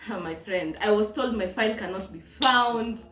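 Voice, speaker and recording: A woman's voice: mid-range voice, moderate pace, crowd noise. Woman, frank and emphatic, echoey room. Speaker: guest. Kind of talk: casual chat.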